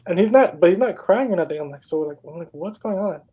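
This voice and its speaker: A young man co-hosts a podcast, piling up stories in loose casual chat with endless "like"s. His voice sits fairly high but stays mellow and soft-edged. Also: animated, quick pace, breathy edge, rough recording. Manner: rambling storytelling, many "like"s. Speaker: podcast co-host.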